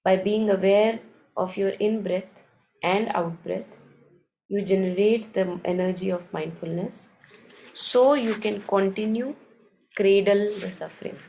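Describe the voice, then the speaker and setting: A woman leading a morning meditation, reading passages aloud and reflecting on them in a calm, unhurried, thoughtful way. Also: medium pitch, slight background noise, rough recording. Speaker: meditation session leader.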